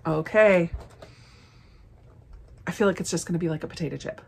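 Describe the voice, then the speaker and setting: A woman chatting casually as she unboxes and tastes snacks, upbeat and quick to laugh. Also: lowish voice, vocal fry, breathy edge. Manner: chatty, enthusiastic, frequent laughs. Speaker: snack reviewer. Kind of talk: casual unboxing and tasting vlog.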